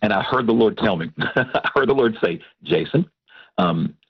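A man from Texas, a pastor and Christian counselor, giving an animated personal testimony in a radio interview. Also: lowish voice, brisk, husky. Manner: animated storytelling, acts out quoted voices. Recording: dull lo-fi radio broadcast.

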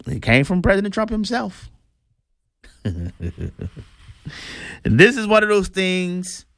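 A man's voice: fairly high pitch, gravelly, pushed and bright, smooth, no echo, clean studio sound. A man hosting a political commentary show, talking in a chatty, amused way.

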